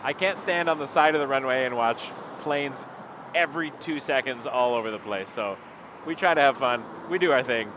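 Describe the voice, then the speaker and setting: A man's voice: mid-range voice, moderate pace. A man with a Toronto Canadian accent, rambling casually to live stream viewers from beside a runway on a cold night. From Toronto area, Canada. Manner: rambling, chatty, reads out viewer comments. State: cold, marching to keep warm. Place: outdoors by an airport runway at night. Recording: outdoor traffic noise.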